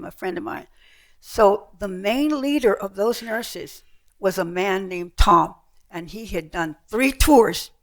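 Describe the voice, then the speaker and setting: An older woman with a medium-pitched voice and vocal fry gives an author's talk in a heritage center event room before an audience. A lively storyteller, she shares travel stories with slides and acts out the voices of people she met.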